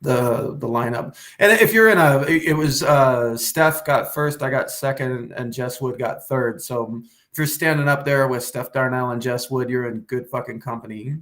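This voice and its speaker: A comedian guest talks loosely and rambles, often starting over and dropping the odd curse. His voice sits at an ordinary middle pitch for a man. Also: moderate pace, few pauses, a bit bright. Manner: rambling, with many restarts and swearing. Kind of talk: casual podcast chat.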